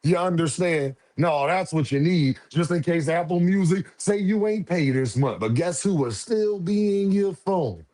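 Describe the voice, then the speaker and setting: A man with a slightly high voice runs a casual livestream and calls out viewers one after another. He talks in lively, slangy, repetitive bursts as he works through the chat. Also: a little slow, hardly any pauses. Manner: lively, repetitive shout-outs with slangy banter. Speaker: livestream host.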